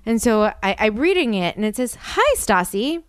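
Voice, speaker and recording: Young female podcast host, filler-heavy casual chat, crisp and dry. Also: mid-range voice, lively intonation, brisk, no room sound. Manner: chatty, filler-heavy with lots of "like".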